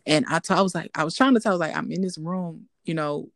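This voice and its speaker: A young woman co-hosting a casual podcast, her voice gravelly with a touch of fry. She talks candidly and reflectively, circling back to repeat her points, and the sound is close and dry. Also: low voice, brisk, hardly any pauses, dry recording. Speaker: podcast co-host. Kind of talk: casual chat.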